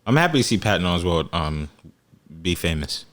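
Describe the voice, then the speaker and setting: A man's voice: low-pitched, sing-song, moderate pace, fairly bright tone. A man co-hosting a podcast in casual chat, blunt and joking as he tells stories. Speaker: podcast co-host.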